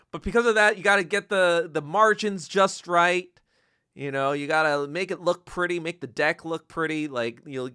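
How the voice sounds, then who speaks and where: A man hosting a podcast in a casual, profane rant that swings between low muttering and loud outbursts. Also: clean tone, no room sound, clean studio sound. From Korea. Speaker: podcast host. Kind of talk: casual ranting monologue.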